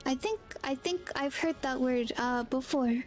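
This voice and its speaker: Brief: high-pitched woman with a Southern US accent, unhurried, playful game streamer. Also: darkish tone, soft background music. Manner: playful, giggly, musing aloud. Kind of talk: casual live-stream game commentary.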